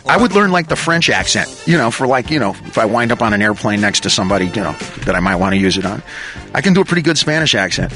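A man's voice: lowish voice, big pitch swings, quick pace, bright, forceful tone, faint music behind. A man hosting a radio talk show, riffing and joking loosely with his crew and laughing between lines. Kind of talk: rambling comic radio talk. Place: radio studio.

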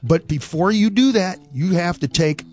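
A man performing a stand-up comedy rant, animated and opinionated, often mimicking other people's voices. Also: sits high, normal speed.

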